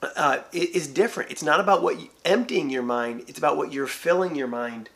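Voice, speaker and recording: A man's voice: on the high side, brisk. A man, a pastor, giving a devotional church talk and acting out little imagined conversations as he goes. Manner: animated, acts out imagined dialogue.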